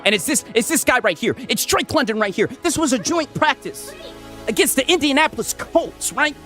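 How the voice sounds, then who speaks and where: Animated streamer man, lively pitch. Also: moderate pace, soft background music. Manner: animated, repeats "right?" constantly, reads chat shout-outs. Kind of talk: casual live-stream chat.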